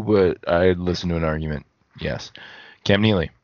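A man's voice: deep voice, moderate pace, no room sound, muffled recording. A man co-hosting a podcast in casual chat, thinking aloud and correcting himself as he goes. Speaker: podcast co-host.

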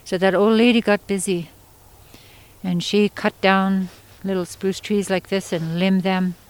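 A woman storyteller from Yukon, Canada, telling a traditional story in an unhurried, conversational way with pauses and asides. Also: mid-range voice, little pitch movement, clean tone, rough recording. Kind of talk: oral storytelling.

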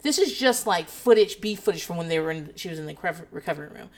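A woman's voice: lowish voice, expressive, fast. A woman in a rambling, casual chat, sarcastic and heavy on profanity.

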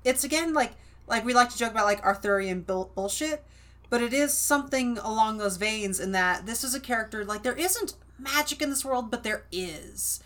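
A woman's voice: on the high side, expressive, moderate pace, a bit bright. A woman from the United States co-hosting a casual book discussion podcast, chatty and full of "like" and restarts. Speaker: podcast co-host.

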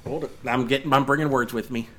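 A man's voice: medium pitch, steady tone, quick pace, fairly bright tone. A man in his thirties narrating a tabletop game as game master, rambling with lots of fillers and restarts. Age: 30s.

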